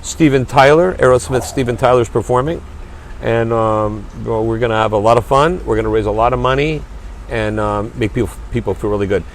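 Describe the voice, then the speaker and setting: A man's voice: mid-range voice, a little hiss or hum. A man being interviewed as a guest, talking earnestly and emphatically, often repeating his first words as he starts a sentence. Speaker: restaurant owner and charity chairman, guest. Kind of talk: passionate interview talk.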